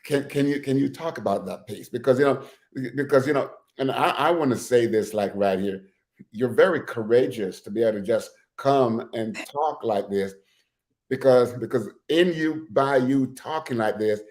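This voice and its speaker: A man's voice: mid-range voice, moderate pace, darkish tone. A man hosting a talk show, asking questions earnestly and often restarting his sentences. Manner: earnest, with frequent restarts and repeated words. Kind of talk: casual interview.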